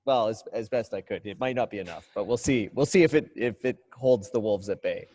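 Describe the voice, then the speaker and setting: A man from Canada hosting a podcast, talking in mock-earnest deadpan banter with halting restarts. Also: on the low side. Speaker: podcast host. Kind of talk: deadpan comedic interview banter.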